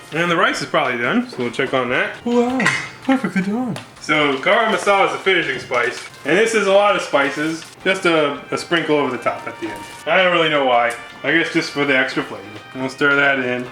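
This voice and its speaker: A man's voice: a little high, sharp tone. A man hosting a casual cooking vlog, laid-back and jokey, rambling as he cooks. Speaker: cooking show host. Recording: roomy sound with background music.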